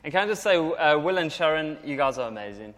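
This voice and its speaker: Man, South African accent, preacher, joking and laughing, fairly high voice, long hall reverb. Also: quick pace. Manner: jokey, lively, laughs between lines. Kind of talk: sermon with call-and-response scripture reading. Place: church hall. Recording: long echo of a large hall.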